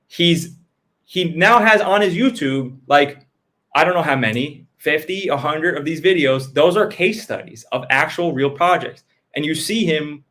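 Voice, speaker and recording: A man's voice: fairly high pitch, fairly bright tone. A man giving blunt, profane business advice in casual chat, acting out customers' quotes as he goes.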